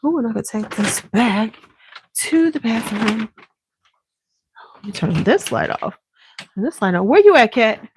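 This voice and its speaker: A woman's voice: a little high, lively intonation, measured pace, pauses often, noisy background. A woman hosting a beauty channel in a casual livestream chat at home. She talks straight to viewers, swears freely, and wears a clip-on mic.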